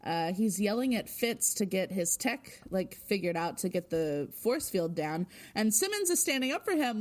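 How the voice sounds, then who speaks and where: Lively, giggly woman podcast co-host. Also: medium pitch, moderate pace, hardly any pauses. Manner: giggly, chatty recapping with frequent laughs. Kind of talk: casual episode recap.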